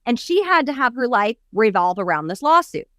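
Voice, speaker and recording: A woman's voice: a little high, moderate pace, dry recording, clean studio sound. A woman coach co-hosting a podcast in a casual chat, telling stories with a lot of animation. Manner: animated storyteller who acts out quotes. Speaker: podcast co-host and business coach.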